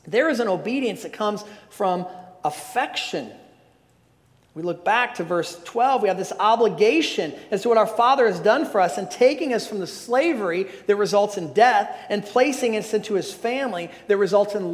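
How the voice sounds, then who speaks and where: High-voiced earnest preacher in reverberant hall. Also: male voice. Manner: earnest, emphatic, with wry asides. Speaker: guest preacher. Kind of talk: sermon. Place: church sanctuary.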